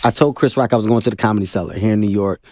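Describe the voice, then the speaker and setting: A man, a comedian, telling a lively anecdote in a talk-show interview and acting out the dialogue. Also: fairly low pitch, racing, no echo, studio quality, a faint crowd. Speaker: comedian guest.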